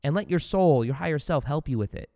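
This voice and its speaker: A man hosting a spiritual self-help podcast, talking in a loose, casual motivational way, swinging from quiet asides to loud, excited bursts. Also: fairly high pitch, quick pace, in a large hall.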